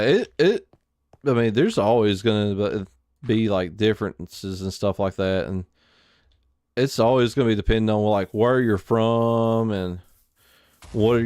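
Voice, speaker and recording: A man's voice: lowish voice, a little mellow, smooth, no echo, studio quality. A man with an Alabama Southern accent, live streaming a survival game and chatting casually in a rambling, filler-heavy way. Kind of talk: casual chat while gaming.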